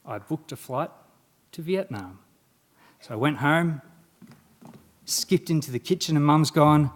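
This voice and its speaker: Animated young man, speech. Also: a little high, a little slow, pauses often. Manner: animated storytelling, acting out quoted dialogue. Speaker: guest speaker. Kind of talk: motivational ceremony speech. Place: graduation ceremony.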